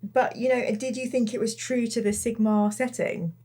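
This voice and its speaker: A woman's voice: a little high, fairly even intonation, normal speed, warm tone, breathy edge. A woman hosting a book club podcast, enthusiastic and laughing often in a casual chat.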